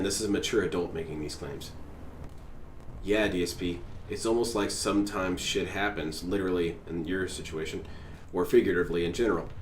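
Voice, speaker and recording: A man's voice: fairly low pitch, a little mellow. A man streaming a reaction to a clip, ranting with sarcastic, exasperated mockery. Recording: echoey room, mic at a distance, faint noise.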